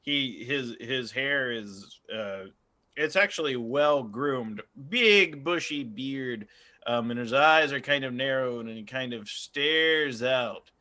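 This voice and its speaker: A man with a bright, forceful voice runs a tabletop game as game master. His narration is loose and rambling, full of ums and uhs. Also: medium pitch, slow pace.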